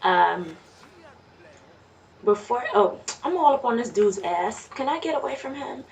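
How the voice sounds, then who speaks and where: A woman's voice: a little high, animated, measured pace, vocal fry. A woman chatting casually to herself while playing a video game, muttering and reacting. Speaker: let's play gamer. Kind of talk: casual gameplay commentary. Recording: distant mic with faint noise.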